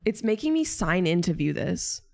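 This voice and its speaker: A woman's voice: lowish voice, very animated, normal speed, vocal fry, a little mellow. Exasperated young woman venting on stream. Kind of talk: casual chat to stream viewers.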